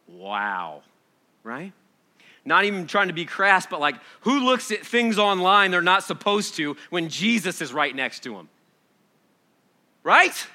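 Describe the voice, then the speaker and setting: A man in his thirties preaching a sermon to a congregation, swinging from loud exclamations to hushed asides. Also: a little high, big pitch swings, measured pace. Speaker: pastor. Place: church hall before a congregation.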